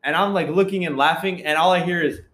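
A man's voice: on the high side, fast, fairly bright tone. A young man telling a joking school story to friends, laughing along. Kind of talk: casual storytelling chat. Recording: echoey room.

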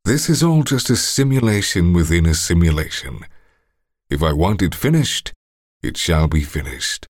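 A man voicing a menacing, godlike male captor who speaks slowly and deliberately, in a domineering way. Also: extremely low pitch, no echo, studio quality, full character voice.

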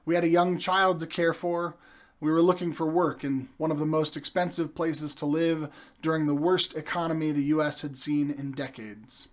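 A young adult man preaching a sermon, telling stories with slow, deliberate pauses. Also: a little high, fairly even intonation.

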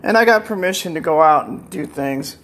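A man's voice: fairly high pitch, lively intonation, fairly quick, fairly bright tone, a little hiss or hum. An older man talks in a rambling personal monologue, defiant and taunting, and he breaks into laughter now and then. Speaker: vlogger.

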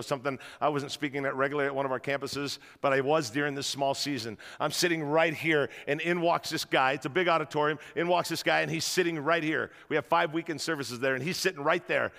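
A man preaching a sermon to a church crowd, telling stories in an animated way and rousing the audience, in a large auditorium. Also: on the high side, fast talker, vocal fry, few pauses, long reverb tail. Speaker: guest pastor.

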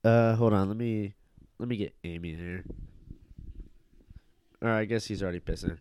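A man's voice: fairly low pitch, moderate pace, a little mellow, smooth. A young man in casual chat, drunk and rambling, swearing casually.

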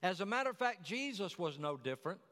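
A man's voice: sits high, sing-song, fast, a bit bright, in a large hall. A man preaching a sermon, telling the story in a folksy way with chatty asides.

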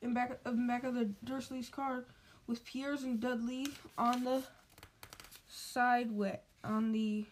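A woman's voice: fairly high pitch, little pitch movement, a little slow, slight background noise. A woman reading a storybook aloud, with frequent stumbles and restarts.

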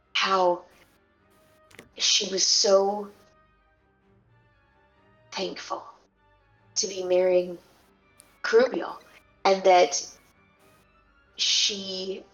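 Woman, tabletop player narrating, slow, gravelly, tender. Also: mid-range voice, dull audio. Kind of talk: narrating her character in a tabletop game.

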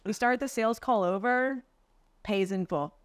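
A young woman guests on a podcast over a video call, chatting casually as she tells stories from her sales job and acts out what people said, with plenty of "like" and "dude." Her voice is a little high, clear and resonant, at a normal speed with no room sound.

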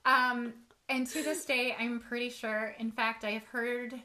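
Bright, chatty woman storyteller. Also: on the high side, level tone, a little slow. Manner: chatty, self-mocking storyteller, laughs often. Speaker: podcast co-host, author. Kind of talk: casual chat.

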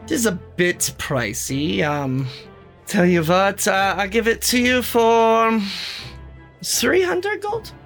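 A woman's voice: medium pitch, animated, slow pace, faint music behind. Woman playing a chatty haggling merchant. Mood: persuasive. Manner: friendly, upbeat sales talk with many fillers.

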